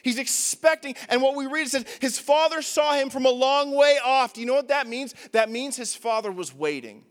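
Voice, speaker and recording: A man's voice: very high-pitched, moderate pace, hardly any pauses, in a large hall. A young man preaching a sermon, casual and joking, with lots of filler words. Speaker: pastor. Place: church hall.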